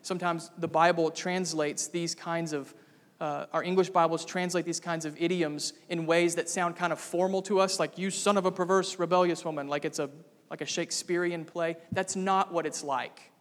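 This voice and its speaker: High-voiced pastor preaching in a hall. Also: male voice, fairly even intonation, normal speed. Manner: emphatic, with sudden dramatic rises in pitch and volume. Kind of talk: expository sermon. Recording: long hall reverb.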